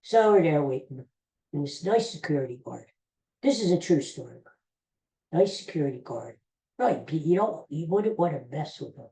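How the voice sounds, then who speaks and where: A middle-aged man rambles through a casual story, poking fun at himself. His voice is soft and mellow. The recording has a roomy echo. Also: a little high, lively intonation, moderate pace. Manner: rambling, self-deprecating humor. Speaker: podcast host.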